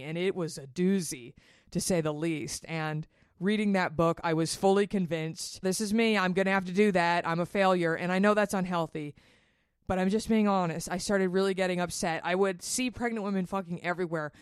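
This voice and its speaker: A woman's voice: clear, resonant tone, dry recording, clean studio sound. Candid, swearing woman podcaster. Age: 30s. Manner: candid, swearing, animated with sudden high outbursts. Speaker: podcast host. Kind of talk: casual solo podcast monologue.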